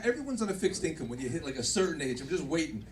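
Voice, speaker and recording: High-voiced rambling stand-up comic. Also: male voice, very animated, very fast. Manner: rambling, self-interrupting punchlines. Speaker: stand-up comedian and host. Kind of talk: stand-up comedy. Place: comedy club stage. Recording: distant mic, loud live audience. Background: audience laughter.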